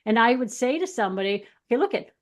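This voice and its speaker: A woman co-hosting a casual spiritual chat, telling candid stories with quick laughs and lively retorts. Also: on the high side. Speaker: podcast co-host.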